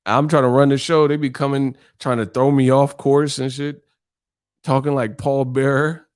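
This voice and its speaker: A man's voice: medium pitch, little pitch movement, normal speed, smooth, no room sound, studio quality. A man hosting a live stream, ranting casually in a profane, exasperated way and laughing often. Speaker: streamer host.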